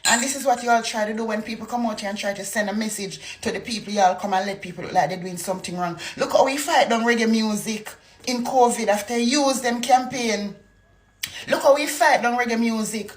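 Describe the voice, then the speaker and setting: A Jamaican political commentator, a woman with a Jamaican accent, launches into a fiery rant packed with rhetorical questions. Her voice is a little high and brisk.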